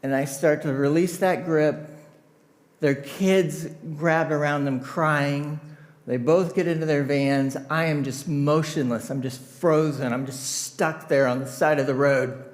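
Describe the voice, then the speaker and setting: A male pastor with a Midwestern American accent telling a lively story in a sermon, laughing often and acting out the scenes. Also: a little high, unhurried. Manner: animated storyteller, laughing, shouting in retold scenes. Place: church sanctuary.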